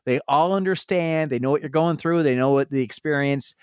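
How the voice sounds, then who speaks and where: A man's voice: on the high side, brisk, smooth, no echo, studio quality. A man hosting a podcast, chatting casually and enthusiastically with his guest. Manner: enthusiastic, friendly questioning. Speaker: podcast host. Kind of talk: casual chat.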